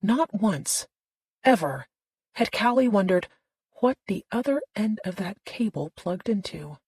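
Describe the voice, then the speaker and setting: A woman narrating a thriller audiobook in a tense, steady storytelling manner. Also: deep voice, normal speed, gravelly, husky, no echo, poor audio.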